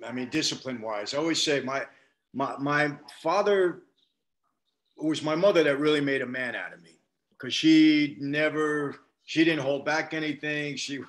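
A man's voice: a little high, fairly bright tone. Older guy telling stories on a podcast, candid, keeps restarting his sentences. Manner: reflective, candid, with repeated restarts. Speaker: guest. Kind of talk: storytelling interview.

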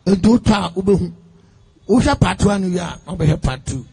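A man's voice: sits high, animated, moderate pace, vocal fry, mellow, husky. A man with a Ghanaian accent preaching a sermon, emphatic, mixing in English phrases and sometimes half-singing his lines.

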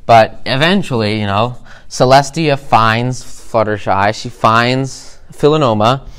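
A man's voice: mid-range voice, slow pace, fairly bright tone, smooth. A man coaching clients by retelling a story, loose and rambling with lots of fillers. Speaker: business coach. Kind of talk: casual teaching through storytelling.

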